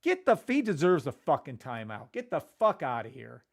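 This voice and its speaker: A man runs a live trading stream in an excitable, profane rush, shouting one moment and muttering the next. His voice sits a little high for a man. He calls out trades and greets viewers in the chat by name. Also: moderate pace, hardly any pauses.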